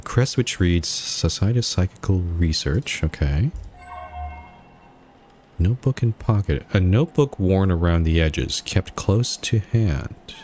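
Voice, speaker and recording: A man's voice: deep voice, a little mellow, slight background noise. A man playing a game and thinking aloud as he commentates, reading and weighing the options. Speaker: gamer. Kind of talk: let's play commentary.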